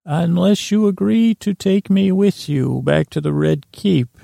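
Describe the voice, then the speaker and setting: A man's voice: high voice, lively intonation, a little slow, vocal fry, warm tone, no echo, studio quality, exaggerated voice. A man voicing a manipulative female vine spirit, coaxing in a silky, wheedling way. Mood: threatening. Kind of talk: improvised comedy voice acting.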